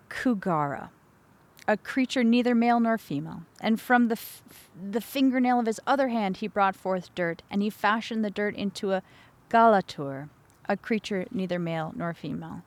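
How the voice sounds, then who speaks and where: A woman hosting a podcast who reads an ancient myth aloud. She pauses for casual, chatty asides and corrects herself plainly whenever she stumbles on a name. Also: medium pitch. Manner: chatty asides, corrects her own slips. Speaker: podcast host. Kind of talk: reading and explaining a myth.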